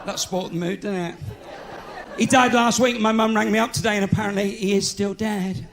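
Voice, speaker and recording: A man's voice: high voice, fairly even intonation, a little fast, fairly bright tone. A man with a West Country English accent doing live stand-up comedy in a large theatre, chatty and self-mocking as he banters with the crowd. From England.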